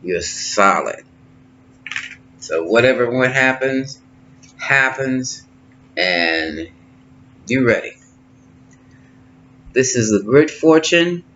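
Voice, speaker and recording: A man works through a tarot card reading, thinking aloud and pausing as he interprets each card. His voice sits at an ordinary middle pitch. The recording is a bit muffled and lo-fi, with a faint hiss underneath. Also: lively intonation, a bit bright. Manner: musing, thinking aloud with pauses. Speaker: tarot reader. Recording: slightly dull lo-fi sound with faint noise.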